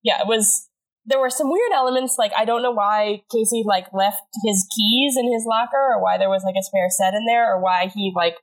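A woman's voice: medium pitch, normal speed, low-quality recording. A woman co-hosting a podcast, recapping an episode in casual chat with a sick, stuffy voice, rambling with many filler words. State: sick, congested voice. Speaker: podcast co-host.

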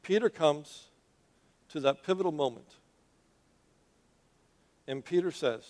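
Taking his time, a male preacher tells a story during a church sermon, animated and conversational, pausing to question his listeners directly. His voice is pitched somewhat high.

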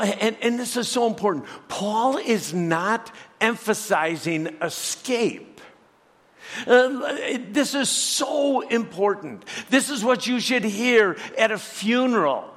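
A pastor preaching a sermon in a church, earnest and emphatic, asking the congregation rhetorical questions. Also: male voice, high-pitched, a bit bright, big-room sound.

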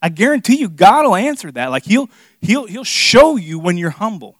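A young man preaches a sermon as an earnest, casual story, leaning on plenty of fillers. His voice sits a little high for a man. The sound is dry and close, with no room echo. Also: big pitch swings, moderate pace. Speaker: pastor teaching a Bible study.

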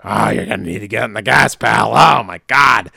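A man's voice: on the low side, moderate pace, creaky, breathy edge, dry recording, studio quality, heavily acted. Man doing a bellowing, brash wrestling boss. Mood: bellowing, hyped. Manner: shouting, hyped-up bellowing. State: hoarse.

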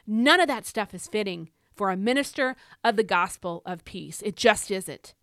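A middle-aged woman hosting a faith podcast, delivering an emphatic, preacherly exhortation that swells into shouts. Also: mid-range voice, expressive, moderate pace, no echo, clean studio sound. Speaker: podcast host. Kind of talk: fiery devotional exhortation.

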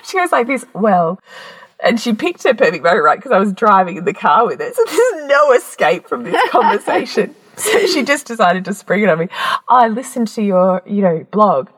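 A woman's voice: a little high, fairly quick, breathy edge. A middle-aged woman hosting a podcast, telling a story in casual chat and laughing often. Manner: lively storytelling with frequent laughter. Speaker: podcast host.

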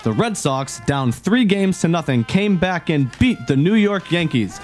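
A man's voice: a little high, big pitch swings, measured pace, darkish tone, faint music behind. A man playing a solemn TV anchorman. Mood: newsy. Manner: formal broadcast delivery. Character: solemn male TV news anchorman. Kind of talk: comedy radio sketch.

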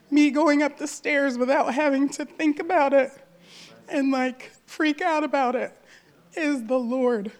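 A woman in her thirties giving an emotional, earnest personal testimony at church, speaking from the heart with many fillers. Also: high voice. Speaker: church member sharing a testimony.

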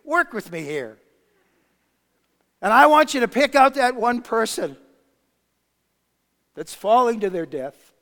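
A pastor preaching a sermon, swinging between loud emphasis and hushed quiet. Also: male voice, extremely high pitch, very animated, slow, pauses often. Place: church sanctuary. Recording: long hall reverb.

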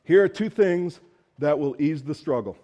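A man's voice: fairly high pitch, lively intonation, normal speed, warm tone, lo-fi sound. A man preaching a sermon in a conversational, storytelling way, with casual asides. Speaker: pastor.

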